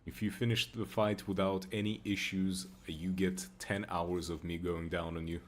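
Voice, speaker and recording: A man's voice: low voice, little pitch movement, normal speed. A young man joking crudely and rambling while he plays a game and answers chat. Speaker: streamer. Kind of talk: casual gameplay commentary with chat.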